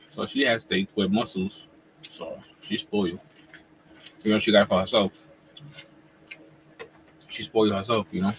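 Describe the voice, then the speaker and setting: A man in his forties hosting a casual live wrestling reaction chat at home, talking in relaxed slang while he eats. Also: fairly low pitch, unhurried, long pauses, a little hiss or hum, poor audio. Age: 40s. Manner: laid-back slangy talk, eating while talking. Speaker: wrestling YouTuber host.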